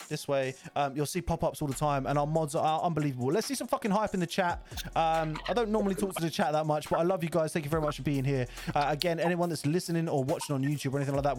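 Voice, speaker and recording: A man's voice: fairly high pitch, a little mellow. A young man from South London with a South London accent, co-hosting a live stream in casual, sweary chat and laughing often. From South London, England. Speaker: stream co-host.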